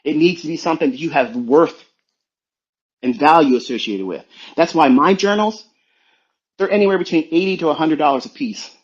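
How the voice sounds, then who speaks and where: A man, a trading mentor, giving a forceful motivational rant full of swearing and rhetorical questions. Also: fairly high pitch, fairly quick, pauses often. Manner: forceful, profane, preachy. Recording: dull lo-fi sound.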